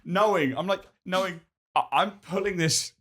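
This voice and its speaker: A man's voice: high-pitched, moderate pace. A man, a podcast guest, telling a funny story in casual chat. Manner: animated, acts out shouted quotes.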